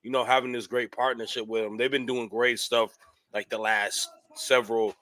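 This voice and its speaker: A man co-hosting a casual wrestling watchalong, excitable and joking, often tripping over his words. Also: medium pitch, normal speed. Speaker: co-host.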